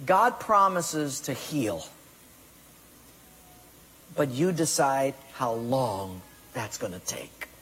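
A man's voice: mid-range voice, lively intonation, extremely slow, pauses often, fairly bright tone, slightly rough. A pastor preaching a sermon with emphatic delivery, now and then acting out his listeners' excuses. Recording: voice in a large reverberant hall.

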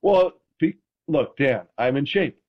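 A man, a former quarterback, chats in a casual interview. He tells animated stories and acts out his exchanges with referees. His voice comes through a slightly dull, muffled remote connection. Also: medium pitch, takes it slowly.

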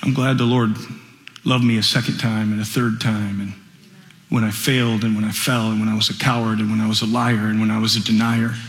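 A man preaching a radio sermon, swinging from hushed storytelling to fervent, rising delivery. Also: fairly low pitch, little pitch movement, brisk, echoey room, long reverb tail.

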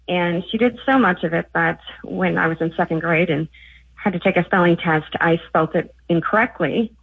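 A woman from northern Minnesota calls into a radio show over a tinny phone line. Her voice is low for a woman and husky, and she tells her story in a chatty way with fillers. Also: normal speed. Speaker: caller.

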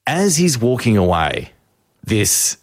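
Low-voiced man, radio host. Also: slow, no echo, studio quality. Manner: animated storyteller, acts out quotes. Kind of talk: casual radio banter, storytelling.

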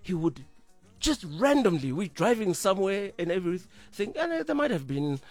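A middle-aged man, co-hosting a morning radio show in easy, animated chat from a studio. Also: high voice, normal speed, no echo, faint music behind. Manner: animated, laughs easily, restarts and fillers. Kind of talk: casual breakfast radio chat.

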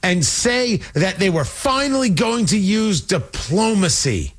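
A man's voice: high-pitched, very animated, measured pace. Guy doing a political rant, sarcastic, voice jumps all over the place. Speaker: political commentator. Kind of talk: opinionated political monologue.

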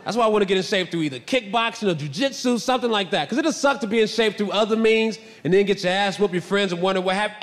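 A young adult man doing stand-up, telling self-mocking stories loudly and acting out voices. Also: high-pitched, fast, hardly any pauses. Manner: loud, animated, self-mocking, acts out voices. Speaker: stand-up comedian. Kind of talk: stand-up storytelling. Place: stage in a large hall. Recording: live hall with long reverb.

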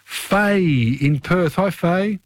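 A man's voice: high voice, very slow, no echo, studio quality. A man hosting a talkback radio quiz, chatting with one caller after another.

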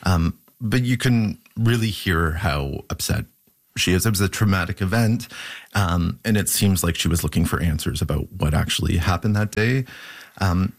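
A male reporter debriefing a news anchor on air, measured, with frequent ums. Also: deep voice.

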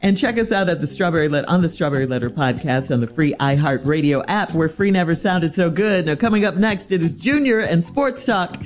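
A man's voice: fairly high pitch, expressive, fairly quick, few pauses. A man hosting a morning radio show, prompting his co-hosts and reading the show's outro.

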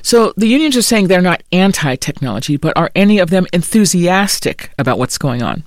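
A woman's voice: fairly low pitch, sing-song, fairly quick, no room sound, studio quality. A woman radio host asking brief summarising questions in an interview. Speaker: news host.

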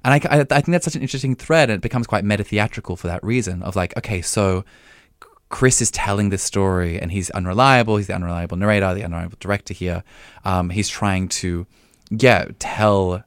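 Deep-voiced man reviewing theatre. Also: smooth, dry recording, studio quality. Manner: animated, quick, laughs often, many fillers. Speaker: podcast co-host, theatre critic. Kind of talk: casual review chat.

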